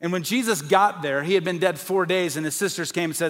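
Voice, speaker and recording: A man preaching an evangelistic sermon, emphatic, rising to forceful peaks and dropping low, sometimes acting out the voices of doubters. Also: quick pace, few pauses.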